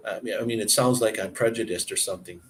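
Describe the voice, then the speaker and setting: A man's voice: lowish voice, quick pace, a little hiss or hum, rough recording. A man from Canada telling stories in casual chat, rambling and opinionated, with frequent restarts.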